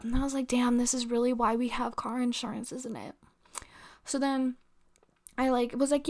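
A young woman telling a casual, profane story, acting out quotes in a lively way. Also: fairly high pitch, brisk. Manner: profane, animated retelling with acted quotes.

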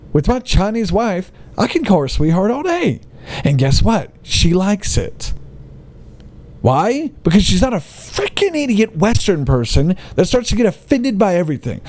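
Fired-up ranting man, lively voice. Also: high voice, a little slow. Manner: heated, emphatic, sarcastic. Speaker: vlogger. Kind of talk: ranting monologue to camera.

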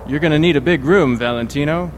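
An actor playing a cocky, taunting street pimp in a game scene, over city street noise. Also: male voice, on the high side, quick pace, natural voice. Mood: swaggering. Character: swaggering street pimp with cane sword.

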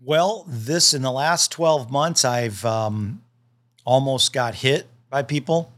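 Animated storytelling man, middle pitch. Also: takes it slowly. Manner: animated, acts out dialogue in the stories; repeats and restarts often. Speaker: land specialist. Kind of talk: casual storytelling in a podcast interview.

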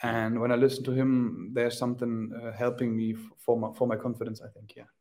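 A man from Germany, a native German speaker, chatting casually as a podcast guest in halting English, often stopping to search for words. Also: mid-range voice, flat delivery, mellow. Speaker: guest athlete. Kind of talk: casual chat.

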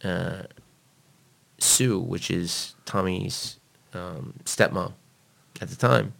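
Gravelly deep-voiced man telling a story. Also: drawn-out words. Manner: blunt, profane, animated retelling. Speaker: guest telling a personal story. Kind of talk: casual storytelling interview.

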